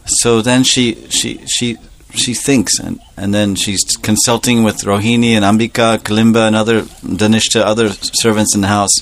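A man telling a devotional story as a sermon, animated and playful, laughing often and adding joking asides. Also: fairly low pitch, moderate pace, few pauses, slight background noise.

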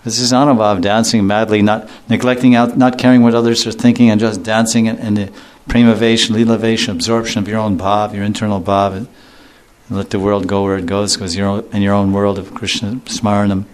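A man teaching a devotional scripture class in a relaxed, joking way, often chuckling. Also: lowish voice, a little fast. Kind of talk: scripture lecture.

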